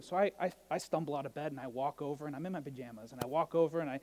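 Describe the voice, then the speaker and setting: A man's voice: fairly high pitch, rapid-fire, darkish tone, big-room sound, a little hiss or hum. A male pastor giving a casual, conversational sermon, often asking the listeners "right?" and telling humorous stories. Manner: conversational, asks the crowd "right?", tells jokey stories.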